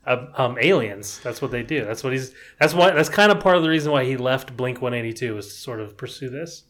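This podcast co-host has a medium-pitched, slightly bright voice with lively intonation and a fairly quick pace. His casual chat wanders, hesitant and crowded with fillers and restarts.

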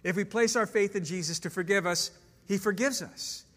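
A man's voice: sits high, moderate pace, fairly bright tone, long reverb tail. A man preaching a sermon as pastor to his congregation, emphatic, asking the room questions. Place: church sanctuary.

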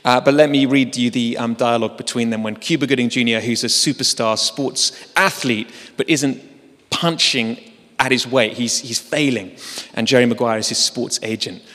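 A man's voice: mid-range voice, a bit bright, big-room sound. A man preaching a sermon in a church, talking in a conversational way with self-deprecating humor.

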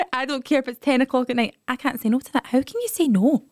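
A woman in her thirties chats quickly and animatedly, slipping into her children's voices as she tells stories. The sound is close and dry, with no room behind it. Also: sits high, no echo. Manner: lively storytelling, acting out her kids' voices. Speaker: podcast co-host. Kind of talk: casual chat.

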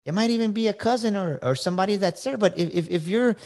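A man's voice: sits high, quick pace, darkish tone. A middle-aged man on a podcast, giving casual motivational advice in an emphatic way, often repeating words and checking in with "right?". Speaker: podcast guest, coach.

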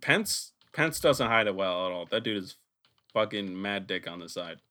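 A man's voice: on the low side, expressive, normal speed, bright, forceful tone. A man hosting a casual podcast chat, joking and swearing, often laughing. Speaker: podcast host.

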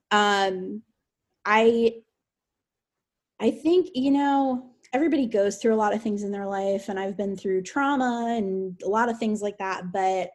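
A young woman speaking as a podcast guest in an emotional personal interview, soft-spoken and halting, with many fillers. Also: mid-range voice.

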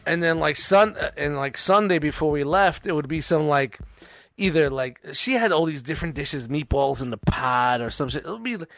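A man's voice: fairly high pitch, animated, moderate pace, creaky, fairly bright tone, no room sound, clean studio sound. Profane, rambling New man telling stories. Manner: profane, rambling storyteller with lots of restarts. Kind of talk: casual storytelling chat.

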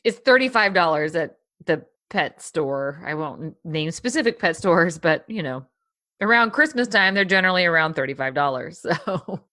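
A woman's voice: fairly low pitch, expressive, moderate pace, bright, forceful tone. A woman hosting a casual podcast chat, leading segments and laughing often. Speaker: podcast host.

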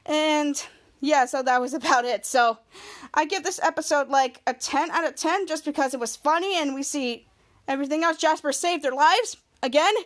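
Very high-voiced woman podcast host. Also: moderate pace. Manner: excitable, rambling retelling. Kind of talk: casual episode recap.

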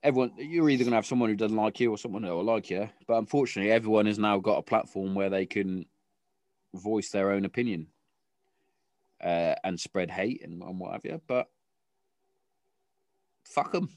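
British male podcast host, lower register, loose and sweary, lots of restarts, dead dry recording. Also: brisk, pauses often, darkish tone, no echo. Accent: British English. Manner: sweary, rambling, frequent restarts. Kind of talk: casual podcast chat.

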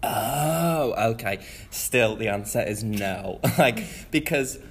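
Earnest young man, lower voice. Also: animated, takes it slowly, slight background noise. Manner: earnest, filler-heavy with lots of "like". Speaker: podcast co-host. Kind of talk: casual chat.

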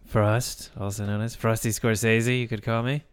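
A man's voice: on the low side, level tone, moderate pace, clean tone. A man co-hosting a podcast in casual chat, rambling and self-mocking, often slipping into silly voices, recording indoors at night. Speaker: podcast co-host.

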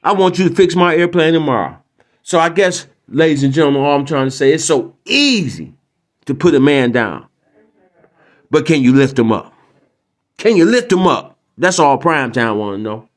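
A man's voice: medium pitch, expressive, moderate pace. A man hosting his own podcast, rambling through a profane, preachy comic monologue. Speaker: podcast host.

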